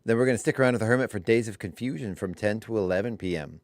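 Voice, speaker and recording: A man's voice: on the low side, racing, no room sound. A man co-hosting a morning radio show, chatty and rambling, at a studio microphone. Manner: chatty, rambling, self-correcting. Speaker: radio co-host.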